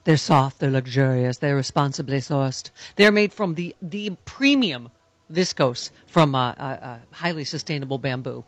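A woman's voice: rumbling low, expressive, moderate pace, dry recording. A woman hosting a radio talk show, reading an ad in a loose, joking way. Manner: playful, joking, loose delivery. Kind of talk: casual on-air ad read and chat.

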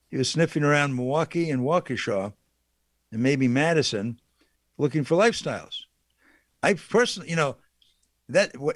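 A man's voice: on the high side, no room sound, clean studio sound. A man delivering an indignant, sarcastic political monologue as a talk radio host.

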